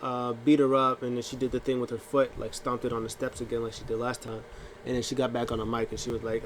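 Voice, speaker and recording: A man's voice: medium pitch, little pitch movement, fast talker, slight background noise. A man casually recapping a wrestling show, rambling with lots of fillers and restarts. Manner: acts out quotes in funny voices.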